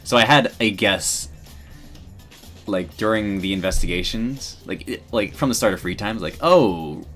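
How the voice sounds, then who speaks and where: Rambling, emotional low-voiced man. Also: a bit bright. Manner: emotional, tearful at times, rambling with restarts. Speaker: streamer. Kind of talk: casual rambling commentary.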